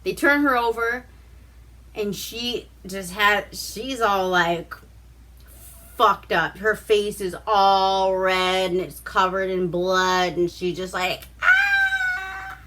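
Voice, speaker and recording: Slow-talking, bright-voiced woman recapping a film. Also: medium pitch, fairly even intonation, slight background noise. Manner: profane, chatty, acts out quotes. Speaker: vlog host reviewing a movie. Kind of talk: casual movie recap.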